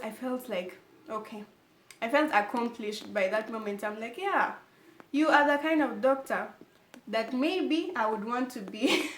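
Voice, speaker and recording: A young woman telling a personal story to her viewers in an animated, emphatic way. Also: fairly high pitch. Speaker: vlogger. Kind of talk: casual storytelling to camera. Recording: echoey room, faint background noise.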